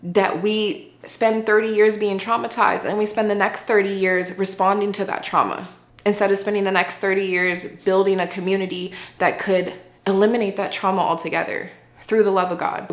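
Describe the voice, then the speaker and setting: A woman's voice: medium pitch, level tone, normal speed, roomy sound. A woman giving an earnest, conversational faith testimony as an interview guest, often saying "like". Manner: earnest, conversational, heavy use of "like".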